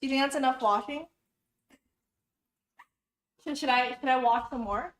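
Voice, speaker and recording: A woman's voice: high voice, normal speed. A young woman filming a casual cooking vlog at home, chatty and a bit flustered, giggling and talking herself through each step. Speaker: YouTuber cooking for viewers. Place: home kitchen. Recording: roomy kitchen echo, faint noise.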